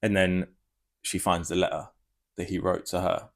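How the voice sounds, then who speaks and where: A man giving a casual spoiler review, rambling and excitable, swearing freely. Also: low voice, normal speed. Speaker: film reviewer.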